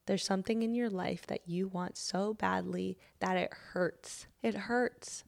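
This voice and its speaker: A young woman giving a casual motivational talk, full of "like," that turns into a gentle guided breathing exercise. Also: mid-range voice, creaky. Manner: chatty, says "like" often, drops to soft near-whisper in guided parts. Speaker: host.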